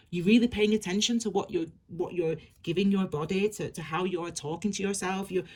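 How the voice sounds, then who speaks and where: A woman's voice: medium pitch, a little mellow. A woman giving a tarot reading, rambling and repeating herself as she gushes reassurance at her viewers. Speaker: tarot reader.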